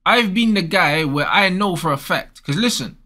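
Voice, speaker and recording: A man's voice: high voice, expressive, moderate pace, sharp tone. A young man, ranting casually and bluntly with lots of slang as host. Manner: blunt, slangy, repeats "bro" and "bruv". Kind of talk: casual advice rant.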